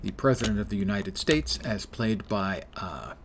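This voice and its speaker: A man's voice: on the low side, normal speed, gravelly, background noise. Chatty male game streamer. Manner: relaxed, joking, chatty with viewers. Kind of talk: casual live-stream commentary.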